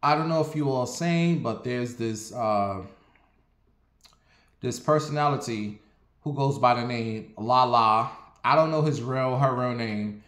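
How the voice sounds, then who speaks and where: A man casually telling a personal story on his vlog, animated and profane, with sassy asides. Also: mid-range voice, unhurried, roomy sound.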